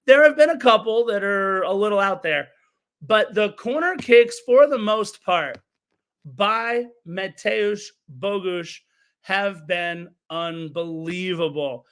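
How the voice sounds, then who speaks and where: A man's voice: sits high, slow pace, fairly bright tone, clear, resonant tone. A man hosting a live soccer podcast, recapping a match with enthusiasm and chatty self-corrections. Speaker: podcast host.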